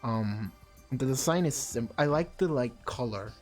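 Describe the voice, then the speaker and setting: Low-voiced woman, blunt let's-play chatter. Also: animated, unhurried, darkish tone, soft background music. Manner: blunt, rambling, offhand opinions. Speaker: streamer playing a visual novel. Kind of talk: casual let's-play commentary, reading dialogue aloud.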